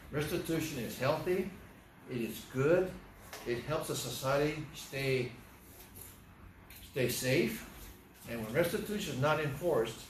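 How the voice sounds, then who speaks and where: A man's voice: medium pitch, a little hiss or hum. A man preaching a sermon as pastor, telling stories and briefly acting out the voices in them. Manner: animated storytelling, acts out quoted voices. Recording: echoey room, voice from far off.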